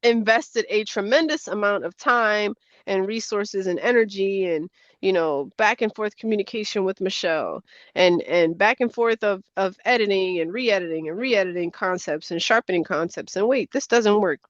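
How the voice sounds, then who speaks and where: A woman, a tarot deck creator, chatting casually as a guest in an animated, rambling way over a video call. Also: dry recording. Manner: animated, rambling, quick pitch jumps. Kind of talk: casual chat. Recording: dull, dry lo-fi audio.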